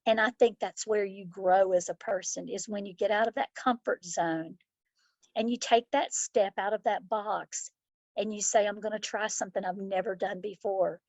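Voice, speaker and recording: A woman's voice: mid-range voice, steady tone, moderate pace, a little mellow, no echo. Woman, middle-aged, school principal, heartfelt storytelling, dry close mic. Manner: heartfelt, reflective, acts out children's voices in stories. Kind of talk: interview answers, personal storytelling.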